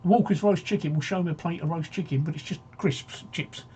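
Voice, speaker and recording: A man's voice: fairly high pitch, a little fast, mellow, slight background noise. A man hosting a casual live-stream talk show, rambling and joking as he reads out viewer comments.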